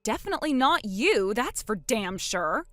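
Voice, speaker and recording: A woman narrating a text message story in a sharp, sarcastic tone. Her pitch moves in a lively way as she fires back. The voice sounds dry and close, with faint music underneath. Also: moderate pace, dry recording.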